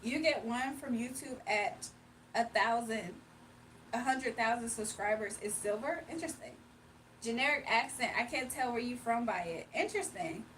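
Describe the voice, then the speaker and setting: Woman livestream host from Virginia, high voice, relaxed banter with chat, slightly distant mic. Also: moderate pace, slight background noise. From Virginia, USA. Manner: chatty, laughs often, reads chat aloud. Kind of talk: casual livestream chat reading comments.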